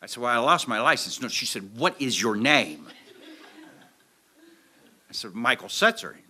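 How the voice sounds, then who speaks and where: Male preacher, lively storyteller, bright and tense tone, wide-ranging pitch, acts out the scenes. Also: normal speed, slightly rough. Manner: animated storyteller acting out scenes. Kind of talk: storytelling sermon. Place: church sanctuary with audience. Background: audience laughter.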